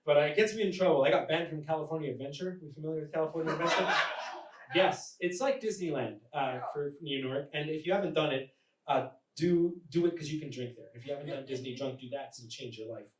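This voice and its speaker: A man's voice: fairly high pitch, fast talker, slight background noise. A man performing a live stand-up comedy set, telling stories and acting out the voices of the people in them. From born in Mexico, raised in the United States. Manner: animated storytelling, acting out characters' voices. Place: live comedy stage in front of an audience. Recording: echoey room, mic from a distance, audible ambience.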